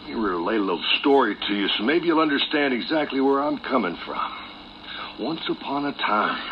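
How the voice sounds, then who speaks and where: A man telling a menacing fable as a wrestling promo, slow and hushed, sinking into whispers. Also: mid-range voice, expressive, a little hiss or hum. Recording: dull archive TV audio.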